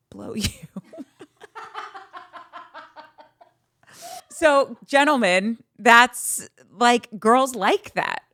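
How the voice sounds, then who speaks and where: Woman podcast host, thirties, dry close-mic sound, mid-pitched, chatty, bawdy, gushing. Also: no room sound. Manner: animated, candid and bawdy, gushing. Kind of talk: casual chat.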